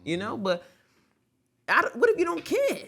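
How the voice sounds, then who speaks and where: A man's voice: very high voice, huge pitch swings, moderate pace, vocal fry, pushed and bright, a little hiss or hum. A man co-hosting a casual podcast, laid-back and questioning. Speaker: podcast co-host.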